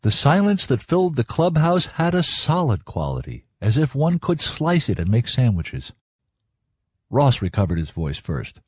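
Expressive, husky-voiced male audiobook narrator. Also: mid-range voice, moderate pace, no echo, studio quality. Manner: lively, expressive storytelling. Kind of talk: scripted narration.

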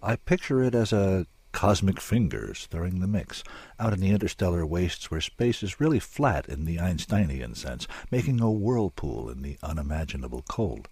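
Low, husky-voiced male storyteller. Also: very animated, a little mellow, no echo. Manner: measured, dramatic storytelling with drawn-out pauses. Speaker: narrator. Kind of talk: audiobook story narration.

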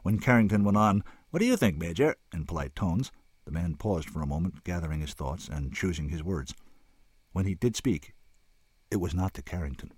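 A man narrating a first-person audiobook in an expressive storytelling manner. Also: sits low, moderate pace, breathy edge, no echo.

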